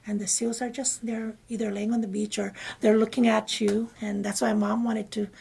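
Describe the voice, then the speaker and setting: A woman guest telling a personal story in conversation, rambling and often dropping into breathy half-whispered asides. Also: on the high side, flat delivery, normal speed, warm tone. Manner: meandering, with many fillers and restarts. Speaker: interview guest.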